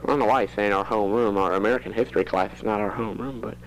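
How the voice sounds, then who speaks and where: A man's voice: on the low side, fairly even intonation, racing, rough recording. A teenage boy rambling into a home cassette recorder for his audio diary, chatty and prone to giggling. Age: teens. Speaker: student keeping a tape diary.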